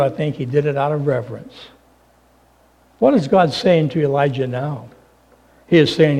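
A man preaching a sermon, swinging from loud, emphatic points down to a hushed near-whisper. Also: fairly high pitch. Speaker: pastor.

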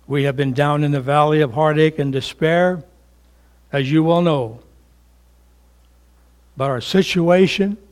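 Slow, emphatic older preacher man. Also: on the high side. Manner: slow and emphatic, rising to fervent peaks then dropping to hushed tones. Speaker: pastor. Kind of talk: sermon.

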